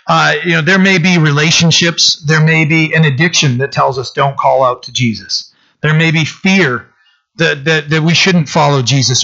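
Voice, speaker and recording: A man's voice: on the high side, pushed and bright, highs cut off. A man preaching a sermon, reading scripture and then urging his listeners with earnest, urgent appeals. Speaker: pastor.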